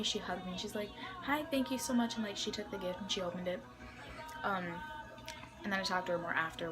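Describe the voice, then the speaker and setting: Chatty young woman over music. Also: lowish voice. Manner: chatty, many fillers and quoted dialogue. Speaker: vlogger. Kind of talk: casual storytelling.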